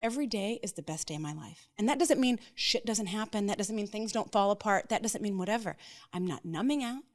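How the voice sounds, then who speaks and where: Kadın, kırklarında, sert ve coşkulu konuşan sunucu. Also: female voice, mid-range voice, animated, a little fast. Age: 40s. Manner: emphatic, blunt, swears freely, frequent "right?". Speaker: podcast host. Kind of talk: casual interview chat.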